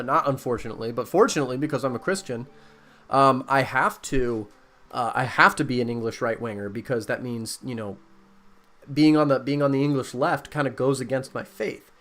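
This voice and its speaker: A man's voice: medium pitch, fairly bright tone. A man hosting a casual conversation, explaining and reading out facts with many fillers and restarts.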